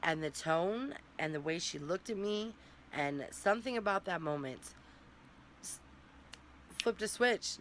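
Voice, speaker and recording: A woman's voice: on the low side, animated, measured pace, pauses often, fairly bright tone, slight background noise. A young woman talking candidly and emotionally in a personal vlog, rambling and close to tears at times. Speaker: vlogger.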